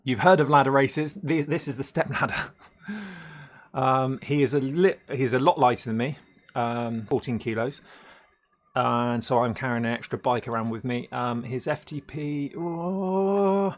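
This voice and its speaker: A man chatting casually on a live stream, rambling and laughing often, with many hesitant fillers. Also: medium pitch.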